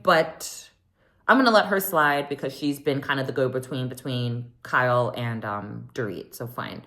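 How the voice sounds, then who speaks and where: A woman with a low voice talks through a reality show episode in a loose, chatty way. She fills her talk with ums and likes, and she gets lively and playful whenever she acts out what the cast said. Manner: gossipy, animated when quoting others, lots of um and like. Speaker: reality TV recap host. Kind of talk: casual chatty recap.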